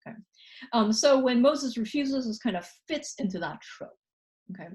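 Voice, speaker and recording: Chatty woman lecturer, higher voice. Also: animated, a little mellow. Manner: conversational, frequent "okay?" and "you know" fillers; reads scripture passages aloud quickly. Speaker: university lecturer. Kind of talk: recorded college lecture.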